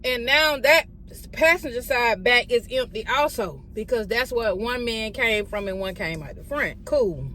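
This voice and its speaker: A woman telling a story to her viewers, retelling a confrontation in an animated, profane way with heated quoted dialogue. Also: a little high, unhurried, a little hiss or hum. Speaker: vlogger. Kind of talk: storytime vlog.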